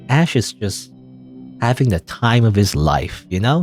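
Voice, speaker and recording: A man hosting a let's play, commenting on a game in an animated, amused way. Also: fairly low pitch, measured pace, faint music behind. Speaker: gaming video host.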